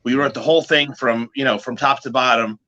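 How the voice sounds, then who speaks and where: A man with a bright, forward voice tells band stories in a loose, animated way. He swears freely and backs up to restart sentences as he goes, pitched in an ordinary middle range. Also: fairly quick, highs cut off. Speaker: guest musician. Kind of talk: casual storytelling.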